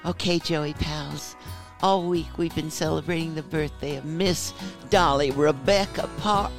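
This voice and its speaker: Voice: medium pitch, fairly even intonation, measured pace, faint music behind. A radio show host chatting casually with a guest in a playful, chatty manner. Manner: playful, chatty, laughs easily.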